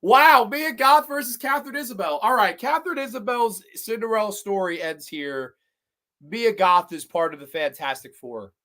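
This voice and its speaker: A man hosting a live stream, talking to his chat in an excitable, profane way as he agonizes aloud over picks. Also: high-pitched, moderate pace. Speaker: podcast host.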